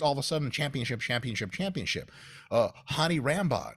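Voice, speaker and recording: A man's voice: mid-range voice, animated, brisk, gravelly, a bit bright, breathy edge, no room sound, clean studio sound. A man from Russia talking as a coach on a casual podcast, ranting profanely and acting out mock quotes.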